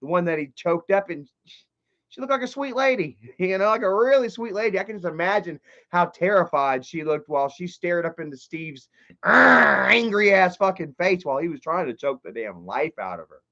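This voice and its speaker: A man hosting a casual livestream, reading chat and commenting in an excitable, profane way that swings from loud outbursts to low muttering. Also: normal speed. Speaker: livestream host. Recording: dull lo-fi stream audio.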